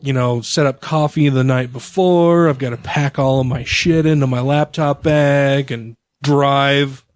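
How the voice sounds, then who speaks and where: A man's voice: mid-range voice, fairly even intonation, unhurried, dry recording, studio quality. A man co-hosting a podcast, telling a long story in casual, profane chat. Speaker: podcast co-host.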